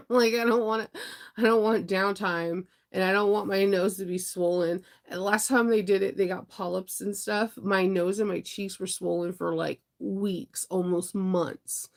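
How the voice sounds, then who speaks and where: A woman who is congested from being sick, chatting casually on a livestream in a rambling, upbeat way. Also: on the low side. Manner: rambling, upbeat, answers viewer comments. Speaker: vlogger.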